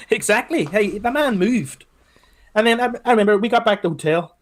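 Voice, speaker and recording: A man with a Scottish accent, co-hosting a podcast and telling a travel story in casual, animated chat that is peppered with swearing. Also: high-pitched, moderate pace. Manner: animated storyteller, swears, repeats "let me tell you something". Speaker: podcast co-host.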